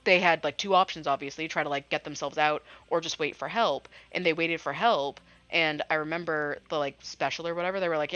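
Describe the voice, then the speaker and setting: A woman's voice: low-pitched, steady tone, fairly quick, few pauses, fairly bright tone, no room sound, lo-fi sound. A woman streaming a story game, chatting casually, rambling and swearing freely. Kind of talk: casual commentary while reading a game aloud.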